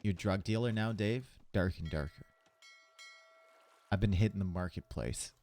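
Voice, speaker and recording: A man casting a live strategy game tournament, chatty and relaxed, chatting with viewers between plays from a home stream setup. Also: sits low, moderate pace. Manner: casual, chatty, talks to chat between plays. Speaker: tournament caster. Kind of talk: live esports commentary.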